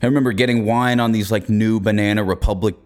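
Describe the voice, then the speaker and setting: Fast-talking and fairly low-pitched, a young man hosts a podcast and recounts a comedic story in a steady, darkish tone. His delivery is laid-back and full of profanity, and he laughs through the telling.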